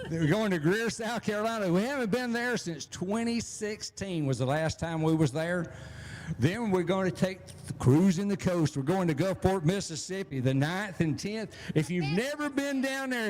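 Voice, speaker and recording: A man with a Southern US accent, announcing live at a drag strip on a handheld mic, folksy and quick, tripping over his words. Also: high-pitched. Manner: fast-talking, folksy, slips on words. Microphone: handheld microphone.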